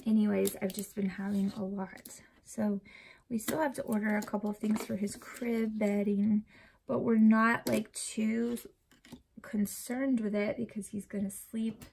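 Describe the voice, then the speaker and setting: Tired, chatty woman with a gravelly voice. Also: medium pitch, flat delivery, unhurried, a little mellow, a little hiss or hum. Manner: chatty, rambling, often drops to a near whisper. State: tired and uncomfortable. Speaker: planner channel vlogger. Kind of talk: casual chat while decorating a planner.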